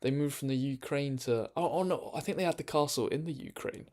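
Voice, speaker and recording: A man chatting casually on a livestream, rambling and hesitant with many fillers, sometimes dropping into hushed, half-whispered asides. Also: on the high side, a little fast. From England. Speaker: streamer.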